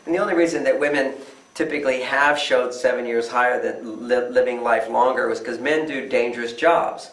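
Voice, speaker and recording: A man's voice: medium pitch, a little fast, fairly bright tone. An older man, a relationship author answering interview questions with emphatic delivery who often acts out quoted voices. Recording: echoey room, distant mic.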